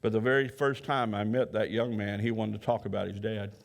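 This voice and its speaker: A man's voice: lowish voice, flat delivery, fairly quick, creaky. A man working as a counselor tells a long personal story in an earnest, repetitive way, often restarting with "and, and". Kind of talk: storytelling talk.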